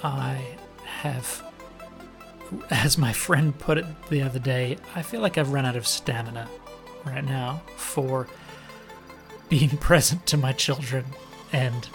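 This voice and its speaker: A man's voice: medium pitch, a little slow, gravelly, music in the background. A man in his thirties hosting a podcast, talking frankly about himself and laughing often. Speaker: podcast host. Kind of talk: candid podcast talk.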